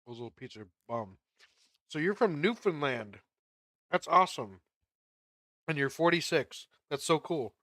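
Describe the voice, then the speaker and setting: A man's voice: on the high side, lively intonation, moderate pace, pauses often, bright, forceful tone, dry recording. A man chatting casually on a livestream while he plays, laughing often as he tells stories.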